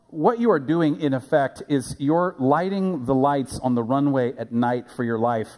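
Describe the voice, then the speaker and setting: A man preaching a sermon as a pastor, animated and playful, recorded in a church sanctuary. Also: a little high, measured pace, hardly any pauses, in a large hall.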